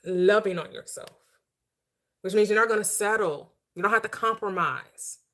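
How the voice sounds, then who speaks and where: Female host, AAVE lilt, bright and emphatic, preachy rhythm. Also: mid-range voice, normal speed. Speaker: host, manifestation coach. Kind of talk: motivational talk show chat.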